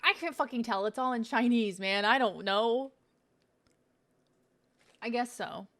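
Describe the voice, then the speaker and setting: A woman's voice: on the high side, unhurried, a bit bright. A woman streamer chatting casually while she tastes snacks on a live stream, self-mocking and swearing freely.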